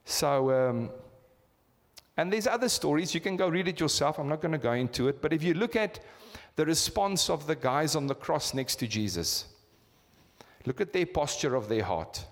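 South African pastor preaching in a reverberant church hall. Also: male voice, on the high side, expressive, moderate pace. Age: 50s. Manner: asks the congregation rhetorical questions, repetitive emphatic preaching. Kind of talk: sermon.

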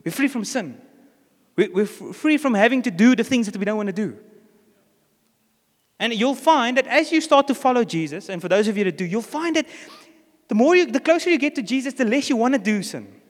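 In a reverberant church hall, a pastor with a South African accent preaches a sermon, telling a story and acting out the characters' lines. His voice is very high-pitched and animated, and his pace runs a little fast.

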